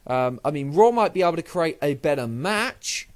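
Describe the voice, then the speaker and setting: A man's voice: fairly high pitch, lively intonation, moderate pace, clear, resonant tone. Rambling, sweary man reviewing wrestling. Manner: rambling, sweary, loses his train of thought. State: sleepy, just woken up. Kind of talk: casual solo review vlog.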